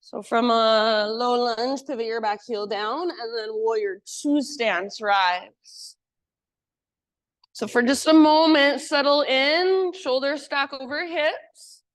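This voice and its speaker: A woman teacher guiding a live yoga class with calm, encouraging cues. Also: high-pitched, no room sound.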